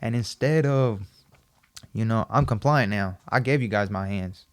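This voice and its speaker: A man as a podcast guest, recounting a personal story and acting out the dialogue in an animated, repetitive way. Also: fairly low pitch, unhurried. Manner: animated, acts out quoted dialogue, repeats himself.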